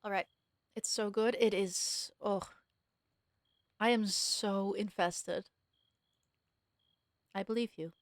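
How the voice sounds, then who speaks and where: Young woman streamer, chatty game commentary, trails off mid-sentence, middle pitch, dry close sound. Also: steady tone, slow, pauses often, no room sound.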